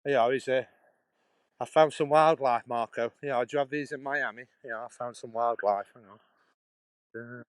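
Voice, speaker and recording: Strolling a canal path with his phone held out, a middle-aged English vlogger talks to his live-stream viewers in a Stoke-on-Trent Potteries accent with dropped H's. He is chatty and rambling, chuckling and restarting his phrases. His medium-pitched voice is clear and resonant, with fairly even intonation and a measured pace, on a dry, low-quality recording.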